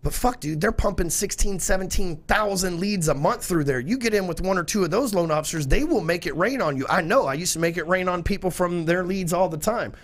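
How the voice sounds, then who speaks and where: Fast-talking blunt man. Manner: fast, blunt and profane, salesy pitch. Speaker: podcast guest. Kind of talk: casual chat.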